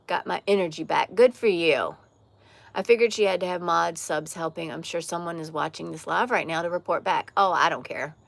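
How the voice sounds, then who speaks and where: Here the porch livestream host, a woman with a slight Southern accent, talks fairly quickly in a creaky, fairly low-pitched voice, with no room sound. Candid and frank as she reacts to viewers' comments, she keeps restarting her sentences and trailing off mid-phrase.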